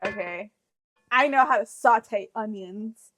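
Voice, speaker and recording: A woman's voice: mid-range voice, takes it slowly, a bit bright. A young woman co-hosting a podcast, chatting casually and bickering playfully with her brother. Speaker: podcast co-host. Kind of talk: casual chat.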